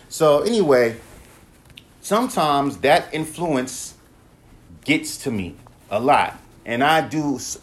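A man from California ranting casually on his podcast, profane and animated, often restarting his words. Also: medium pitch, slight background noise. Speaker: podcast host. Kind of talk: casual rant.

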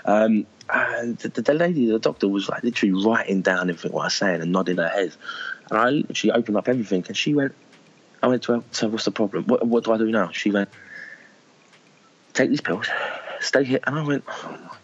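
Blunt bloke, middle-aged, low raspy voice, swears freely, dull lo-fi sound. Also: male voice, quick pace. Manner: emotional, blunt, swears, calls people mate. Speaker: charity fundraiser guest. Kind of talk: candid interview talk.

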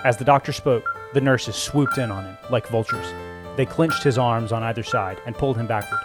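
Man narrating a story over soft music. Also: medium pitch. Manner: measured, even storytelling. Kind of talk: scripted audiobook narration. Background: faint music score.

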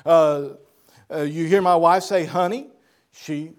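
A man's voice: on the high side, steady tone, takes it slowly, clean tone. An older man who is a pastor, preaching a sermon to his church in an earnest way, often repeating words as he lists points. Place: church sanctuary.

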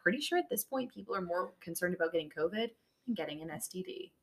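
A woman's voice: on the low side, expressive, quick pace. A young woman chatting as a podcast guest, blunt and self-deprecating, swearing freely. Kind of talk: casual chat.

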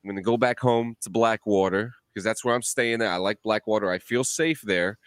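A man in casual chat, telling a lively story full of swearing and acted-out voices. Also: lowish voice, a little fast, dry recording. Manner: animated storyteller, swears a lot, acts out voices.

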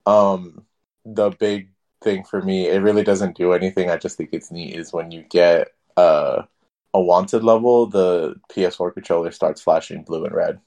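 A man's voice: sits low, fairly even intonation, moderate pace, mellow. A man co-hosting a gaming podcast, chatting in an offhand, easygoing way. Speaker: podcast co-host. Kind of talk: casual chat.

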